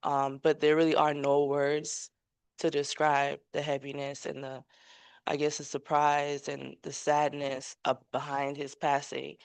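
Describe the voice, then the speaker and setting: Female eulogist, hesitant and soft-spoken, smooth and clear, fairly flat delivery. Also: low voice, unhurried, no echo. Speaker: son's fiancée giving a eulogy. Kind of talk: memorial eulogy.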